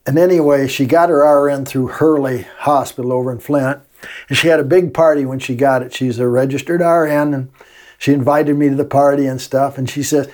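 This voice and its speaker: A man's voice: a little high, steady tone, moderate pace, a little mellow. An older man, a retired teacher telling folksy classroom stories with frequent laughs in a casual interview.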